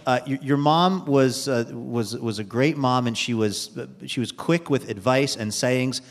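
A man hosting a live radio show, making quick wry comments to his guest. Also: medium pitch. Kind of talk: live interview banter. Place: live theater stage. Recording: long hall reverb, faint noise.

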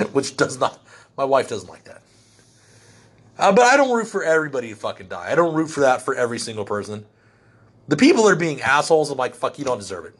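A middle-aged man ranting in a blunt, crude way, swearing heavily and getting animated as he vents. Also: mid-range voice. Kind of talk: profane comedic rant.

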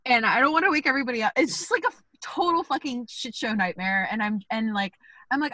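A young woman co-hosting a podcast, telling a story in a casual, animated way, full of "like" and swearing. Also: on the high side, fast talker, dry recording. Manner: animated, laughing, swearing, lots of "like". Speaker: podcast co-host.

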